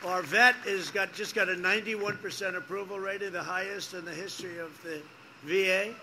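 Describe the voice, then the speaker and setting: An older man holds forth at an outdoor campaign rally with a rambling, repetitive delivery, drifting into digressions and mocking acted-out exchanges. His voice sits fairly high and has a piercingly bright, forceful edge. A faint hum of ambience sits behind him. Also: steady tone, fairly quick. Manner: mocking and boastful, acting out quoted exchanges. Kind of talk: off-the-cuff rally speech.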